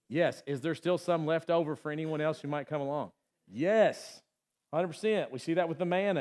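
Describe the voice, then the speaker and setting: A man's voice: fairly high pitch, a little mellow. A man preaching a sermon in a conversational way, often checking in with the congregation and acting out the voices in the story. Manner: conversational, asks the room "right?" often; acts out quoted voices. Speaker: pastor. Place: church.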